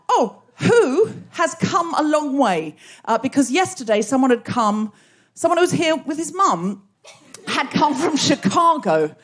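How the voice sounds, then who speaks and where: An Australian woman hosting a live comedy podcast, laughing and riffing with the audience from a theatre stage. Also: high voice. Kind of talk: live stand-up crowd work.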